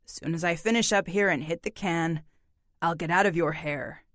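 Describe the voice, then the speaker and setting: A woman doing a gruff, terse drifter man. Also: on the low side, moderate pace, fairly bright tone, no room sound, studio quality, pitched below the performer's own voice, close to an everyday voice. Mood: flat, blunt. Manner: blunt, clipped, folksy grammar. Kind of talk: audiobook character voice.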